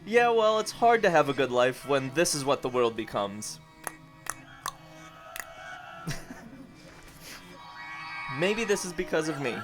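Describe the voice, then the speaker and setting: A man's voice: a little high, natural voice. A man playing a goofy, chatty, cheerful time-travelling character in a comedy web series.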